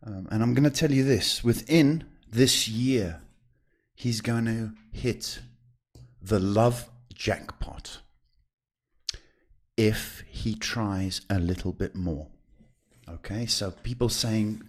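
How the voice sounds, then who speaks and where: A man hosting a live psychic reading podcast, talking in a reassuring, chatty way with drawn-out emphasis and many fillers. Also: on the low side. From South Africa. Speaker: psychic host.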